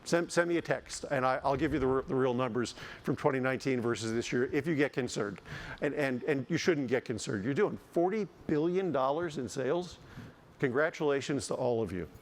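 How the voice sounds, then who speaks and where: Animated man giving a conference keynote. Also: mid-range voice, brisk. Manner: animated, joking asides, frequent restarts. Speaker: keynote speaker, housing economist. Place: conference stage.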